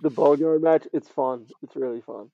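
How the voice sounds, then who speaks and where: A man co-hosting a podcast who talks casually in a relaxed way, often trailing off softly. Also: fairly high pitch, moderate pace, creaky, no echo. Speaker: podcast co-host. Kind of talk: casual chat. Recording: slightly dull, lo-fi.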